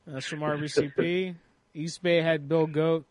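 Slightly high-voiced guy rambling and cussing on his prank call stream, reading chat, dry sound. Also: little pitch movement, measured pace, dry recording. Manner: rambling, profane, reads chat suggestions aloud. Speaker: prank call show host. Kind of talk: casual livestream chat.

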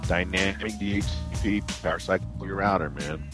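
A man's voice: deep voice, normal speed, music in the background. A man chatting casually and animatedly, slangy, laughing often. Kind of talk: casual chat.

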